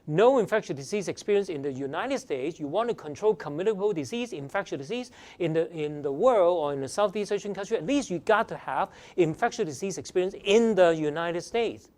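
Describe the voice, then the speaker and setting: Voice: mid-range voice, animated, brisk, hardly any pauses, a little mellow. A pre-med admissions advisor giving a seminar lecture, emphatic, repeating key phrases and firing off rhetorical questions.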